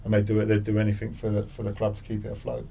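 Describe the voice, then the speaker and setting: A man's voice: on the low side, completely flat delivery, rapid-fire, creaky, recorded from a distance, lo-fi sound, a little hiss or hum. A man in his forties, a former footballer, chatting as a podcast guest with many restarts and repeated words. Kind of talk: casual interview chat.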